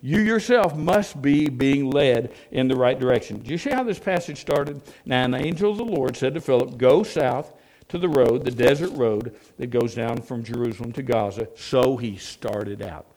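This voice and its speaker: A man's voice: medium pitch, animated, moderate pace, a little mellow, poor audio. A man preaching a sermon as a pastor, folksy and plain-spoken, often asking his listeners rhetorical questions.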